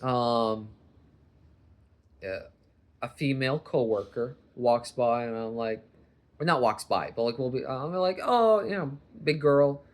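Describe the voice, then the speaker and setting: A young man rambling in a casual vlog monologue, often breaking off and restarting, and jumping up loud and high when he acts out other people. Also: unhurried, long pauses. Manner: rambling, self-interrupting, jumps to loud animated voices when quoting people. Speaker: vlogger.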